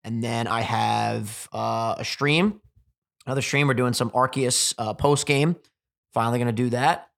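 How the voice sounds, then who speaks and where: Young man, podcast host, casual chat, animated, swears a lot, acts out quotes. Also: medium pitch, measured pace, creaky.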